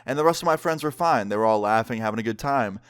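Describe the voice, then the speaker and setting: A young man spins a wild story for his viewers at a middle pitch. He sounds animated and profane, leaning on "like" at every turn. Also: quick pace, smooth. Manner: animated, profane, heavy use of "like". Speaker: vlogger. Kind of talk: casual storytelling.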